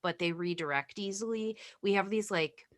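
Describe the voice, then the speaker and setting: A woman's voice: mid-range voice, moderate pace, no echo, studio quality. A woman nurse chatting candidly on a podcast, telling work stories and swearing casually. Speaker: nurse, guest.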